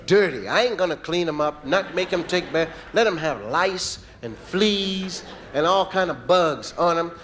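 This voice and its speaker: A man doing stand-up comedy, telling animated stories and jumping between impressions. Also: fairly high pitch, a little hiss or hum.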